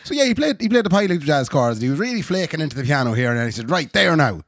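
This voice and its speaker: Lively Irish man telling a story. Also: fairly high pitch, very fast. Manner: animated storyteller, laughs often. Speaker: podcast co-host. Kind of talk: casual chat.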